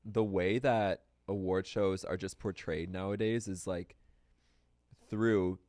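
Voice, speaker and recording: Chill young dude cohosting a podcast, low voice, agreeable, lots of filler, dry sound. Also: male voice, slow pace, dry recording. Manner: relaxed, agreeable, filler-heavy. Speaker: podcast co-host. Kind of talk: casual pop-culture chat.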